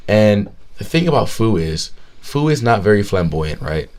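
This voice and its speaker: A man in his twenties, co-hosting a podcast, telling a story in a profane, animated way. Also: fairly low pitch, moderate pace. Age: 20s. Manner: animated, profane, retelling with quoted voices. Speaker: podcast co-host. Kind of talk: casual storytelling chat.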